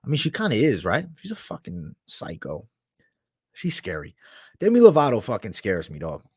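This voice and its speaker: A man's voice: lowish voice, wildly swooping pitch, moderate pace, slightly rough, no room sound, studio quality. A young man hosting a livestream, talking in a crude, rambling, profanity-heavy slang as he reads and answers chat. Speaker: livestream host.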